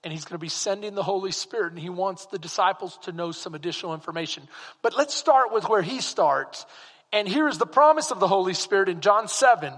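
A male pastor preaching a sermon, animated and full of rhetorical questions to the congregation. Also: high-pitched, a little fast, big-room sound.

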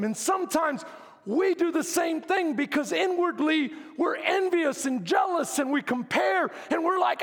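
A male pastor preaching a sermon, dramatic, swinging from hushed asides to shouted lines. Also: very high-pitched, lively intonation, normal speed, long reverb tail.

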